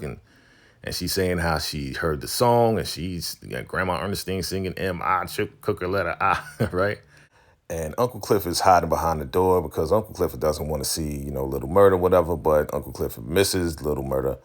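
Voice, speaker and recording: Man, very low voice, casual recap vlog, animated storytelling, laughs a lot. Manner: animated retelling, acts out characters' lines loosely, laughs often. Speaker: recap vlogger.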